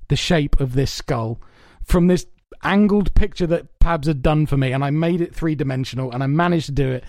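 A man co-hosting a podcast in casual chat, telling long stories in an animated, rambling way with lots of swearing. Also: on the high side, normal speed, dry recording. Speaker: podcast co-host. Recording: dry, soundproofed home room.

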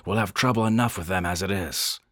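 A man's voice: low-pitched, fairly quick, fairly bright tone, no echo, clean studio sound. A man voicing a brusque, skeptical male expedition leader who speaks curtly and dismissively. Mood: scornful. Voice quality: curt, dismissive.

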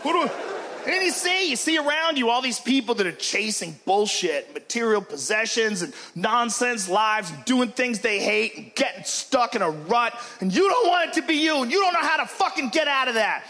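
A man doing a stand-up comedy routine in a club, profane and shouting his punchlines while acting out characters. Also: very high-pitched, animated, normal speed, hardly any pauses. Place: comedy club stage with laughing audience. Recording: live club recording with crowd laughter and noise.

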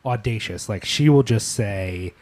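A man's voice: fairly low pitch, expressive, unhurried, darkish tone, no echo. A man from Philadelphia hosting a podcast, chatting casually with a guest, joking and swearing lightly as he talks. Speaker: podcast host. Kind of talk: casual interview chat.

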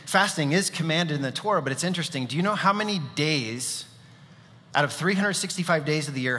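A man's voice: medium pitch, sharp tone. A man preaching a sermon as pastor, telling stories casually with fillers and asides. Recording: long reverb of a large hall.

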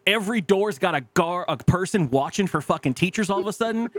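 A man's voice: sits high, expressive, quick pace, a bit bright, no echo. Profane, storytelling man on a dry mic. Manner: profane storytelling, acts out quotes, laughs often. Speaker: podcast co-host. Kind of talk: casual chat.

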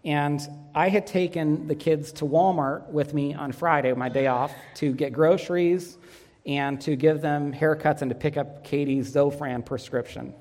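Male pastor, 30s, earnest sermon delivery with warm anecdotes; reverberant church sound. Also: on the high side, fairly even intonation, measured pace. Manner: earnest, storytelling with light humor. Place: church sanctuary.

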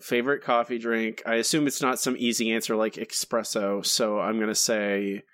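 A man's voice: mid-range voice, level tone, brisk, a bit bright, no room sound, clean studio sound. A man co-hosting a podcast in casual chat, jokey and self-deprecating. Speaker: podcast co-host.

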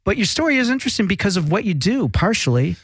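A male talk show host with a slightly high voice, cracking jokes and wandering off mid-sentence. The sound is dry and close, with no room around it. He keeps it loose and playful. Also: very animated, fast talker, husky, no echo. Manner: joking, rambling, self-interrupting. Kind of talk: casual comedic talk show banter.

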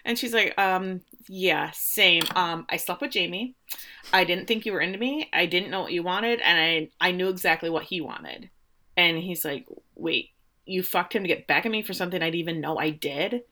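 Bright-voiced woman recapping a show. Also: fairly low pitch, moderate pace. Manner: animated retelling, quoting characters. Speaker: podcast co-host. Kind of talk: casual recap chat.

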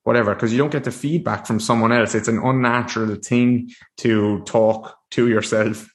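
A man's voice: medium pitch, steady tone, normal speed. A man hosting a solo podcast, talking casually to a screen with frequent restarts and fillers. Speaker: podcast host. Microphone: desk mic facing a screen.

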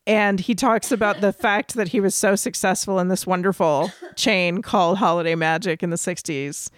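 A woman co-hosting a podcast, telling a story in an animated way and swearing freely. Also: lowish voice, moderate pace. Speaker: podcast co-host. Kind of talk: casual chat.

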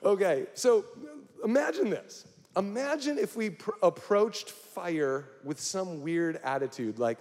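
A man's voice: sits high, expressive, measured pace, darkish tone. A male pastor preaching a sermon, speaking directly to the congregation with frequent questions. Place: church hall. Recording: long hall reverb.

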